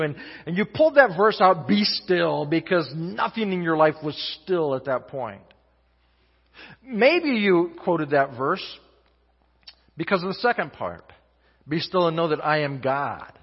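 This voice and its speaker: Guy pastor preaching, kinda high voice, stumbles and restarts a lot, muffled and echoey like a church hall. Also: husky. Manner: earnest, halting, many restarts, swings between loud and soft. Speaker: guest pastor. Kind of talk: sermon. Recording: muffled sound in a reverberant hall.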